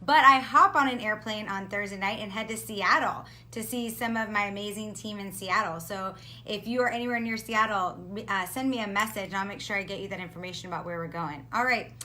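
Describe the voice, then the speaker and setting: A woman hosting a live video stream, upbeat and gushing, often saying how excited she is, talking over a video call from home. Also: medium pitch, fairly quick, few pauses, a little hiss or hum. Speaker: host. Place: home in South Florida.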